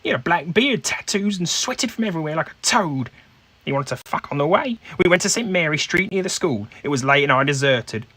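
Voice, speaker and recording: A man's voice: a little high, big pitch swings, fairly quick, sharp tone, no room sound, pitched above the performer's own voice, exaggerated voice. A man voicing a brash, coarse young working-class woman in a put-on Cockney accent, in a solo tabletop game. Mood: indignant.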